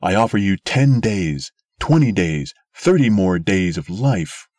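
A man's voice: deep voice, expressive, measured pace, darkish tone, no echo, studio quality. A man voicing an earnest, determined young man in a storybook reading, speaking with raised urgency. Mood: urgent.

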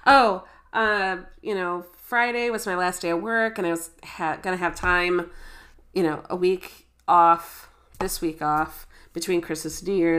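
A woman's voice: lowish voice, a bit bright. A woman co-hosting a podcast in casual chat, nasal and stuffed up from a head cold, rambling and stumbling over her words over a remote call. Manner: unhurried, rambling, self-interrupting. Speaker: podcast co-host.

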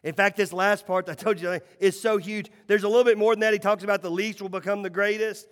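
A middle-aged man preaching a sermon, telling stories and swinging between loud and hushed lines. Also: high voice, steady tone, fast. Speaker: pastor. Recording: echoey hall reverb.

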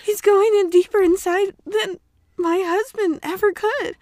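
A woman's voice: very high-pitched, fairly even intonation, measured pace, a little mellow, no room sound. A woman voicing a proud, flustered young heroine who protests breathlessly, reading an adult visual novel aloud. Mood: defiant.

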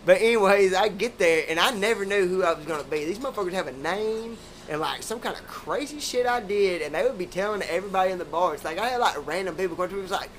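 A man's voice: high-pitched, expressive, fast, few pauses, fairly bright tone, slight background noise. A man, hosting a podcast and telling rambling, profane stories in casual chat. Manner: profane, rambling, laid-back drawl.

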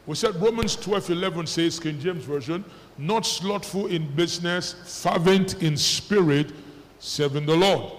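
A man preaching a sermon to his congregation as pastor, pressing them with repeated questions and firm commands. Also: on the high side. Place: church hall. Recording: reverberant church hall with faint noise.

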